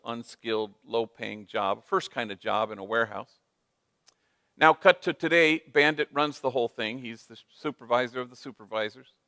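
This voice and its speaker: A man's voice: medium pitch, bright, forceful tone, smooth, dry recording. A man, a priest, giving a storytelling talk, sprinkling in Spanish phrases. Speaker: priest and speaker.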